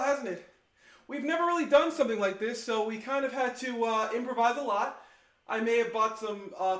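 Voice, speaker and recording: Young male streamer, high-pitched, chatty and excitable, echoey room sound. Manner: excitable, rambling, chatty with viewers. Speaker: livestream host. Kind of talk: casual live-stream chat. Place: home kitchen. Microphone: omnidirectional mic set in the room.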